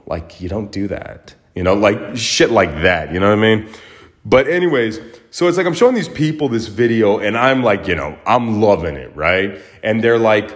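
Deep-voiced man telling a rambling story. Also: moderate pace. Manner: rambling, filler-heavy, animated when retelling. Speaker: podcast host. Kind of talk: casual storytelling monologue.

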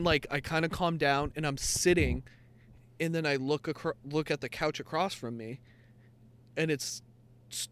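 Rambling young man telling a story. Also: a little high. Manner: rambling storytelling, heavy swearing and fillers. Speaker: podcast co-host. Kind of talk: casual chat.

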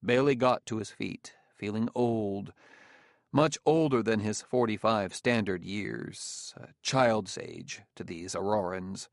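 A man reading an audiobook in steady, even narration. His voice is gravelly and recorded dry and close to the mic, with no room sound. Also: on the low side, takes it slowly, dry recording. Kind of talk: scripted narration.

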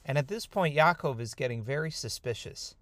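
A man's voice: mid-range voice, a little fast, no room sound. Man telling a scripture story casually. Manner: conversational, informal, lively retelling. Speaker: Torah storyteller.

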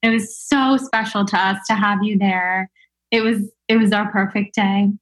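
A woman's voice: medium pitch, steady tone, normal speed. A woman hosting a podcast, chatting casually and affectionately with her guest. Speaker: podcast host. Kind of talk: casual interview chat.

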